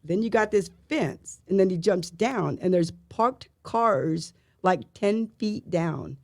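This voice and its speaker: A woman's voice: on the low side, slow, vocal fry, dry recording, clean studio sound. A middle-aged woman, a guest on a podcast, telling a long anecdote and mimicking the sounds in it. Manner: lively storyteller who mimics sounds and voices. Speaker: guest, surviving spouse of an officer.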